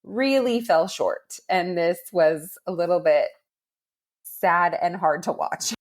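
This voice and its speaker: A woman co-hosting a podcast, chatting casually and telling animated stories. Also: on the low side, takes it slowly. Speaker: podcast co-host. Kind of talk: casual chat.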